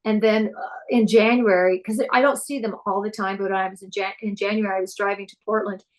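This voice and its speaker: A woman guest on a podcast, telling personal stories in an excitable, animated way. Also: medium pitch, quick pace. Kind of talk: casual spiritual interview chat.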